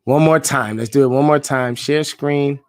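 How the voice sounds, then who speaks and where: A man with a mid-range voice runs a live coaching stream as a sales director. He talks in a hyped, slangy way and keeps shouting out viewers by name. His voice jumps up high whenever he gets excited, and it is picked up on a computer mic. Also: moderate pace, dry recording. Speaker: sales director leading a live call session.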